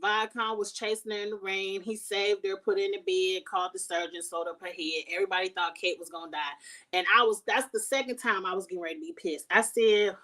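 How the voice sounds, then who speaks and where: Blunt, animated woman recapping a show. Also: medium pitch, fast, recorded from a distance. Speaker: TV show reviewer. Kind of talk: casual recap chat.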